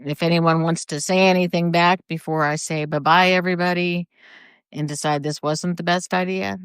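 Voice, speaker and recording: Older woman, low voice, smooth and dry, rambly live chat from her porch. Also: fairly even intonation, moderate pace, dry recording. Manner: rambling, greets viewers by name. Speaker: livestreamer. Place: outdoors on her front porch. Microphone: phone or camera for a live video.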